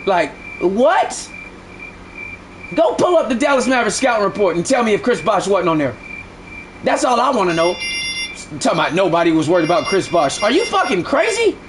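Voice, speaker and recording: A man's voice: sits high, very animated, a little fast, pauses often, noisy background. A man streaming live who argues heatedly with his chat, repeating himself and swearing a lot. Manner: heated, repetitive, profane arguing.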